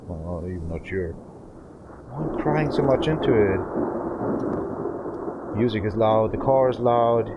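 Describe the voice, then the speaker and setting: Slow-talking German man streaming a game. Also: lowish voice, dull audio. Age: 30s. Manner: joking, laughs often, halting English. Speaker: gaming livestreamer. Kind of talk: casual livestream chat while drifting. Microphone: desk microphone. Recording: noisy stream with car sounds.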